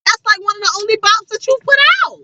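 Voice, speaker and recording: A woman's voice: very high voice, fast talker, pushed and bright, dry recording, muffled recording. A woman co-hosting a casual chat podcast, blunt, opinionated and profane. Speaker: podcast co-host.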